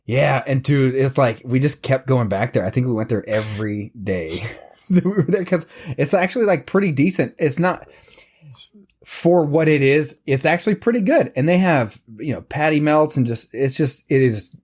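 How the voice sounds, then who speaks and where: A man's voice: medium pitch, lively intonation, normal speed, a little mellow. A man co-hosting a casual comedy podcast, telling a loose, rambling story. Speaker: podcast co-host.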